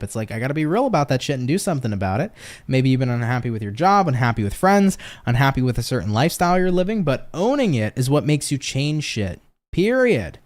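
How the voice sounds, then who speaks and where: A man from the United States reading tarot on a casual live stream, upbeat and chatty, swearing freely and cheering viewers on while reading out their comments. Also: a little high. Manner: upbeat, swears freely, pep-talk catchphrases.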